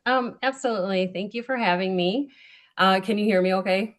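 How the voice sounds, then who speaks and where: A woman's voice: medium pitch, a little fast. A woman mayor giving prepared remarks at a town hall, earnest, with frequent ums and small self-corrections.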